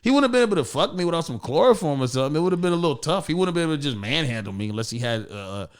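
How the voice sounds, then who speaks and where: This comedian's fairly high, clear and resonant voice races along as he tells stories as a podcast guest. In casual chat he's animated, acting out everyone's voices and swearing heavily.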